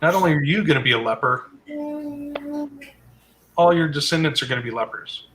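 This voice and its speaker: A man's voice: a little high, a little fast, a bit bright, slight background noise, rough recording. A man leading a casual group Bible study, explaining scripture conversationally with asides.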